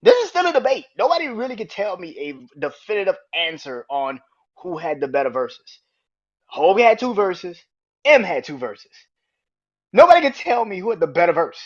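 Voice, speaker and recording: Excitable young man ranting about rap. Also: high voice, normal speed, muffled recording. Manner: excitable, swears freely, lots of "like" fillers. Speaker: podcast host. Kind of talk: casual monologue about music.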